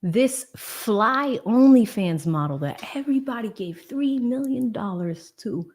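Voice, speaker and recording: A woman's voice: on the high side, expressive, measured pace, darkish tone. A woman hosting a true crime commentary livestream, indignant and emphatic, talking straight to her viewers. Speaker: livestream host.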